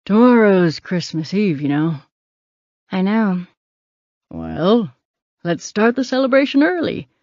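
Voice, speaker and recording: A man's voice: high-pitched, huge pitch swings, slow, pauses often, darkish tone, dry recording, muffled recording, full character voice. A woman voicing a teasing, wry older man who is a hospital patient.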